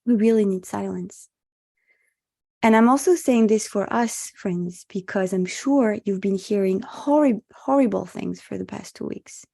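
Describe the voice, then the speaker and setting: A woman rabbi speaks in a mellow, dark voice with a touch of gravel, at a middling pitch. She teaches in an earnest, reflective way and mixes in Hebrew religious terms, heard over a video call. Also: moderate pace, hardly any pauses. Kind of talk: spoken teaching at an online meditation session.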